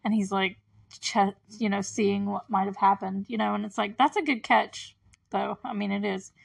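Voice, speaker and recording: Woman podcast host chatting through a show recap, lots of likes and ums, laughs a bunch, mid-pitched voice. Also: steady tone, moderate pace, gravelly. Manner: chatty, filler-heavy, laughs between remarks. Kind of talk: casual TV episode recap.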